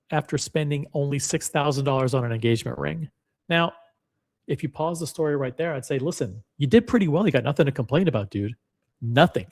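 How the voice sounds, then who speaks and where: A man hosting a live stream, reading a forum post aloud and commenting on it bluntly, with profanity and repeated words. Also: mid-range voice. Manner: blunt and profane, repeats himself, talks straight to chat.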